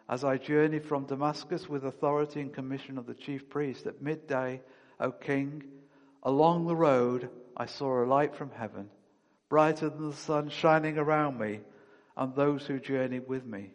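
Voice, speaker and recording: A man's voice: medium pitch, fairly even intonation, moderate pace, long reverb tail, lo-fi sound. A man preaching a sermon, reading scripture aloud and then speaking with rising emphasis.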